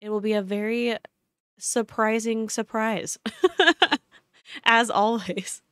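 Streamer lady chatting to her viewers mid-game, gasps a lot, kinda high voice, slow and unhurried. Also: smooth, dry recording, clean studio sound. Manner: excitable, gasping and exclaiming. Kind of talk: live game-stream chat.

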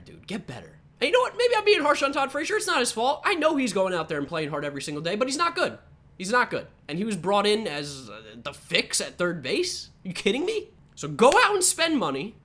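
A man's voice: extremely high pitch, bright, forceful tone. A young man delivering a heated sports rant as a fan vlogger, profane and sarcastic.

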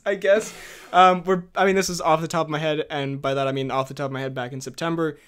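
A man's voice: on the high side, fairly even intonation, quick pace, a bit bright, clean tone. A man hosting a podcast in casual chat, talking loosely and laughing often between remarks. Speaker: podcast host.

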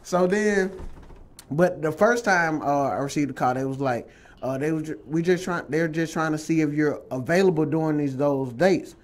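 A man talks as a guest on a chat show, his voice sitting a little higher than most men's. He tells his stories loosely and casually, with plenty of slang. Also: moderate pace. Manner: relaxed storytelling, slangy. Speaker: guest actor.

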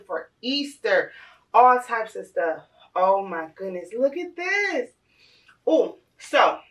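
A woman, gushing and excitable as she unboxes on her vlog. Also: fairly high pitch, distant mic. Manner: gushing and excitable, addresses viewers as "y'all". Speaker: vlogger.

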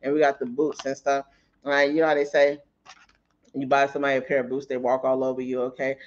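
A man's voice: mid-range voice, monotone, quick pace. Profane, chatty man reading tarot. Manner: profane and chatty, laughs often; tells anecdotes mid-reading. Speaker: tarot reader. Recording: dull lo-fi audio.

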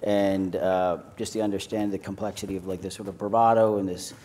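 A young adult man with an Irish accent, an actor chatting on a panel stage and telling jokey, animated stories. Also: deep voice, fairly quick. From Ireland. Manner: lively storyteller, jokey and animated. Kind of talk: casual panel chat. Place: panel stage at a screening venue.

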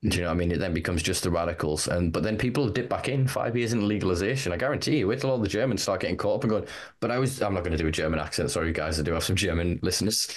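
A man's voice: deep voice, racing, hardly any pauses. A man, a podcast guest, speaking fervently and rallying listeners, swearing freely. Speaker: guest, cannabis rights campaigner. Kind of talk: passionate podcast talk.

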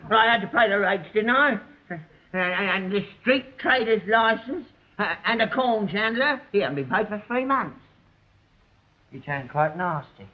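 Stingy old dad, kinda high, nagging, muffled old tv sound. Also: male voice, lively intonation, moderate pace, slight background noise. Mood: grousing. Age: older. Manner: scrappy, defensive and nagging. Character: grumpy, tight-fisted old rag-and-bone father. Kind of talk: 1960s television sitcom acting. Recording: dull lo-fi 1960s TV sound.

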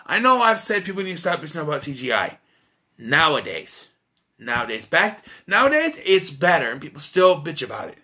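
A man's voice: a little high, bright, forceful tone. A man giving a casual, blunt and profane spoken film review, with frequent restarts as he talks.

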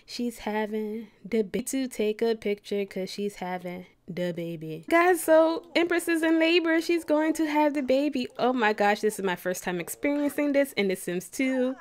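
A young woman in her twenties giving casual let's play commentary, excitable and gasping in disbelief. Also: mid-range voice, moderate pace. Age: 20s. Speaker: gaming YouTuber.

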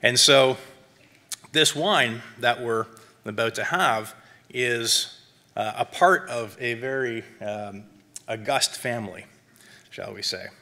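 Chatty, bright-voiced man lecturing. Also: mid-range voice, slow, pauses often. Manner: chatty, lots of um and tag questions; self-described academic. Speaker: wine seminar presenter.

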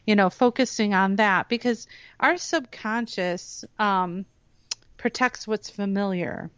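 Woman with a smooth voice, dull radio sound. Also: mid-range voice, measured pace, dry recording. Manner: animated explainer, acts out quoted voices. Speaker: radio show guest, hypnosis teacher. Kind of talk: explanatory talk-radio chat.

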